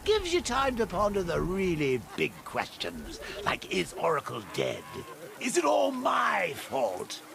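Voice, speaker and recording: An actor playing a manic, cruel male clown villain in a video game, mocking and sing-song, swinging from whispers to shouts. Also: high-pitched, wildly swooping pitch, measured pace, vocal fry, a crowd in the background, heavily acted. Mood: taunting.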